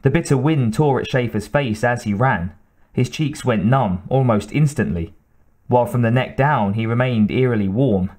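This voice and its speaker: A man narrates a military thriller audiobook in a steady, even way. His voice sits at a middling pitch for a man. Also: moderate pace. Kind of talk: scripted narration.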